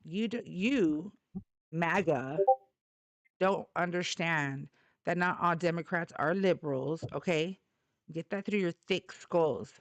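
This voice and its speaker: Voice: medium pitch, slow, dry recording. A live call-in show host arguing politics with callers in a blunt, mocking, combative way. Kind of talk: heated live call-in debate.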